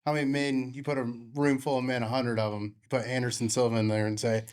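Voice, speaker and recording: A man's voice: mid-range voice, level tone, fast, a little mellow. A man hosting a fight podcast, talking in a blunt, laid-back, profane way in casual chat. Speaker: podcast host.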